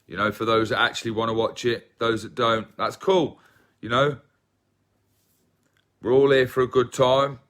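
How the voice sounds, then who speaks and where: A man's voice: medium pitch, flat delivery, moderate pace, long pauses, a bit bright. An English man with an English accent chatting casually with viewers on a livestream, self-deprecating and rambling. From England. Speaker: livestream host.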